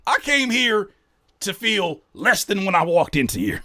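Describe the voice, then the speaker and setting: A man's voice: high voice, big pitch swings, measured pace, sharp tone, dry recording, studio quality. A man hosting a reaction video, joking, cursing in slang and rereading lines aloud. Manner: profane slang. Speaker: reaction host. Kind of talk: casual reaction commentary.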